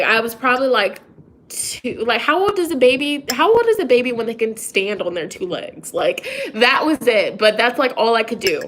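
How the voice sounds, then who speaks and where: Chatty, rambling higher-voiced woman. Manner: rambling and candid, with many fillers and laughs. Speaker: psychic and tarot reader vlogging. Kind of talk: casual personal chat to viewers.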